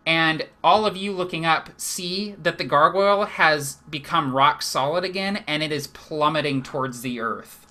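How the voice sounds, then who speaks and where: A man's voice: fairly high pitch, pushed and bright. A man narrating a live tabletop game as game master, chatty and laughing often, with lots of fillers.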